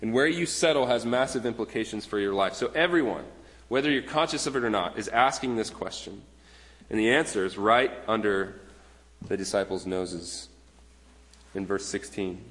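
A pastor in his thirties preaches a sermon, earnest and conversational, frequently restarting his phrases. His voice is lowish and fairly bright, at a normal speed, with the long reverb of a large hall around it.

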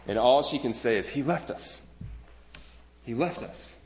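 Brief: male pastor in his thirties, mid-range voice, earnest conversational sermon, long hall reverb. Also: medium pitch. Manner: earnest, conversational preaching with repeated restarts.

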